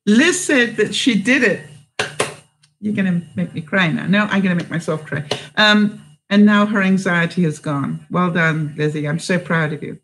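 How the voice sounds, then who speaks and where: A woman's voice: fairly low pitch, moderate pace, fairly bright tone, a little hiss or hum, low-quality recording. A woman hosting a live stream. She reads viewer comments aloud and answers with encouraging advice, rambling with plenty of fillers and restarts. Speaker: vlogger and host.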